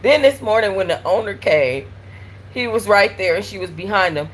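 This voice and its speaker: A woman with a husky, slightly breathy voice talks on a live stream from home. Her stories come out animated and slangy, full of blunt cursing and asides to her viewers. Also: mid-range voice, moderate pace, rough recording. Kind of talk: casual live-stream chat. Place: at home in an apartment.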